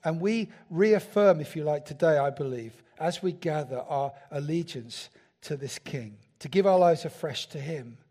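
A man's voice: fairly high pitch, moderate pace, mellow. A man preaching a sermon in a church, talking conversationally and asking the congregation rhetorical questions. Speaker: pastor.

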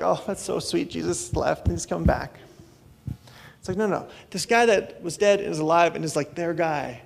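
Guy preaching a sermon, kinda high voice with lots of gravel, gets loud then drops to quiet. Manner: acts out quoted voices, swings between loud and hushed. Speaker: pastor. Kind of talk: conversational sermon.

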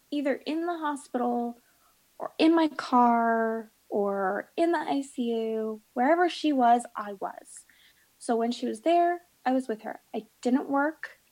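A woman's voice: on the high side, a little mellow, rough recording. A woman in her thirties, a guest telling personal stories in a blunt, darkly humorous way and acting out what others said. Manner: blunt, darkly humorous, acts out quoted voices. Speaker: interview guest. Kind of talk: candid personal storytelling.

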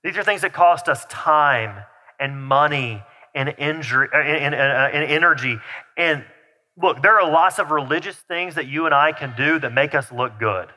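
Male pastor, slightly high voice, chatty sermon style, reverberant sanctuary. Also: moderate pace, bright, forceful tone. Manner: conversational preaching with restarts and asides. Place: church sanctuary. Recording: long reverb of a large hall.

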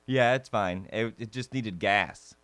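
A man's voice: lowish voice, measured pace, fairly bright tone, clear, resonant tone. A man co-hosting a podcast, joking and laughing in casual chat. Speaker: podcast co-host.

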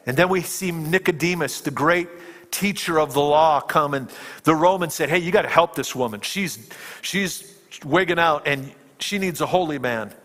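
A male preacher retelling a film scene in a sermon, shifting between hushed tones and emphatic peaks. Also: a little high, moderate pace, in a large hall. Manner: dramatic storytelling, dropping to hushed tones and rising to emphatic peaks.

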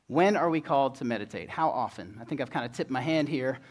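A man preaching a sermon in a relaxed, conversational way, with self-deprecating humor. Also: medium pitch, fast. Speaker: pastor.

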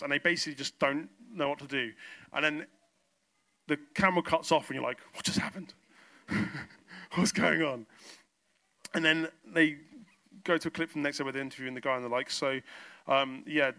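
Bright-voiced young male preacher. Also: medium pitch. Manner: storytelling, emphatic with sudden loud bursts. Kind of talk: sermon.

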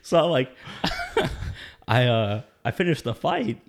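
A man's voice: medium pitch, animated, normal speed, gravelly. A man casually telling a story in conversation, laid-back and profane, often breaking into laughter.

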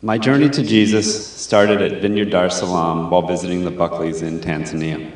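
A man reading his prepared testimony in a steady, measured way. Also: sits low. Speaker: person being baptized. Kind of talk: read-aloud prepared testimony. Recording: very echoey church hall.

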